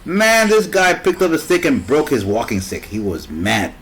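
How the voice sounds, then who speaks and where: A man's voice: a little high, huge pitch swings, normal speed, a bit bright, low-quality recording. Man telling a rambling story. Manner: rambling, fills gaps with "what's it called". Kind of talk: casual storytelling.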